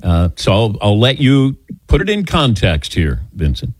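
A sports radio host with a lowish voice talks in a chatty, teasing way. He sounds easygoing. The room is dry and close. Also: huge pitch swings, measured pace, breathy edge, dry recording. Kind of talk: casual radio talk.

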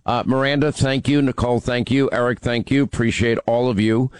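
A male radio host in a dry studio, fielding calls in a joking way. His voice sits at a middle pitch. He makes his political points with building urgency. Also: fairly even intonation, fairly quick, clean tone, no echo. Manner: teasing, then emphatic and urgent. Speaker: radio talk show host. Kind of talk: talk radio call-in.

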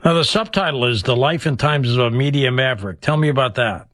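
A man's voice: mid-range voice, a little fast, fairly bright tone, dry recording, studio quality. A man hosting a late-night radio talk show, interviewing a guest in a friendly, conversational way.

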